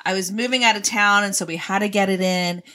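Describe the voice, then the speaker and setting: A woman's voice: mid-range voice, fairly even intonation, fairly quick, sharp tone. A young woman in frank casual chat, blunt and profane, laughing often.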